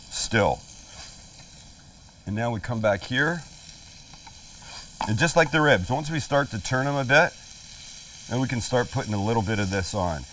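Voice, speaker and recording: A middle-aged man with a medium-pitched, fairly bright voice hosts a laid-back cooking demonstration, joking and chatting as he explains each step. The setting is an outdoor kitchen with a flat-top grill, where food sizzles faintly. His voice sits a bit far from the mic.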